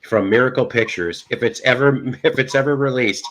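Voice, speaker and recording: A man's voice: medium pitch, moderate pace, fairly bright tone, a little hiss or hum, poor audio. A man co-hosting a casual show, rambling through crude jokes and repeating himself. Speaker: podcast co-host. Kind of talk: casual joking chat.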